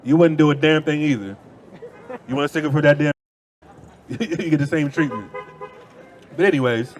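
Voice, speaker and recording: A man's voice: fairly high pitch, normal speed. A man preaching outdoors on a city street through a handheld microphone, arguing in a heated debate, dismissive and repeating himself.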